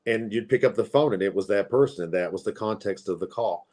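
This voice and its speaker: This Appalachian tarot reader in his forties speaks in a lowish, slightly mellow voice, a little fast. He rambles chattily through casual stories, using lots of fillers.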